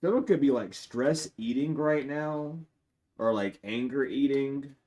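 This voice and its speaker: With a little hiss or hum in the audio, a man reads tarot live for his viewers, animated and measured in pace. He's profane and blunt, veering from loud outbursts to low asides muttered under his breath.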